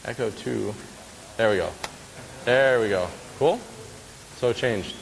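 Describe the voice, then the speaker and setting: A man talks through a live software demo in a casual, chatty way, often asking the audience if they follow. His voice sits at an ordinary middle pitch. It carries the long reverb of a big lecture hall, with a faint hiss underneath. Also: a little slow, creaky. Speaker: conference speaker. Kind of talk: live technical demo talk.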